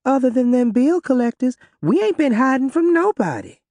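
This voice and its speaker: A sharp-tongued young woman snaps back in a high, loud voice, as a male narrator puts her on. Her delivery is pointed and lively. The recording is dry. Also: brisk, dry recording. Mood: defensive. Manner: high, defensive dialect speech.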